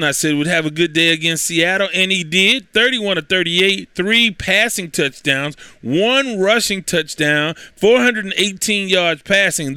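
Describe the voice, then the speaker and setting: A man's voice: high-pitched, pushed and bright, clear, resonant tone, no echo. A man hosting a sports talk show, breezily recapping his weekly football picks with self-assured ease. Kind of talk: casual sports talk with predictions.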